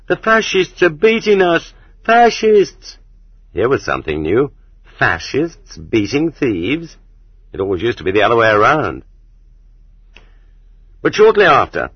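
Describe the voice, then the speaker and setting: Man, audiobook narrator, husky, low-pitched, measured reading, dry, muffled cassette sound. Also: no echo. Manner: steady, measured reading that rises sharply for quoted shouts. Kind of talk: scripted narration.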